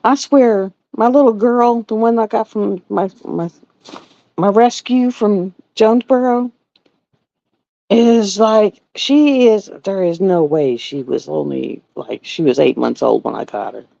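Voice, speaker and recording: A woman's voice: mid-range voice, measured pace, gravelly, warm tone, no room sound, highs cut off. A woman from the chatting casually at home on a live stream, rambling and repeating herself. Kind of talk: casual chat. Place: home with pets.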